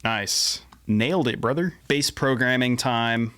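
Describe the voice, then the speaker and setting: A man's voice: mid-range voice, a little slow. Laid-back man talking in his home studio. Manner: laid-back, chatty, self-deprecating, trips over words. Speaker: musician making a song on camera. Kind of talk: casual studio walkthrough. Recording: music playing behind the voice. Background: guitar and drum playback.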